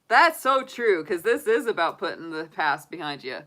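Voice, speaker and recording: A woman giving a live tarot reading in a chatty, animated way, laughing often between points. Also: fairly low pitch, moderate pace. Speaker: tarot reader.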